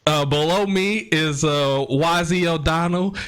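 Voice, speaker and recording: A young man hosting a casual podcast, teasing his friends with crude jokes and frequent loud laughter. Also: on the high side, measured pace, clean tone. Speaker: podcast host.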